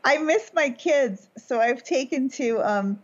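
A woman in her forties co-hosting a local talk show, playful and self-mocking with quick asides. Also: high voice, animated, breathy edge. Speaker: podcast co-host. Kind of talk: casual chat. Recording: slightly dull lo-fi audio.

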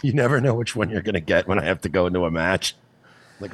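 A man's voice: low-pitched, animated, fast, dry recording. A man co-hosting a podcast, joking in a mock-angry, petty, profane way. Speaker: podcast co-host. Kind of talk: casual chat.

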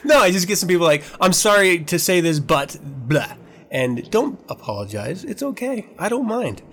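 A man's voice: high voice, sing-song, moderate pace, fairly bright tone. A man hosting his own podcast, talking candidly and with a lot of profanity, emotional as he relives a painful moment. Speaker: podcast host. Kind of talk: casual podcast monologue.

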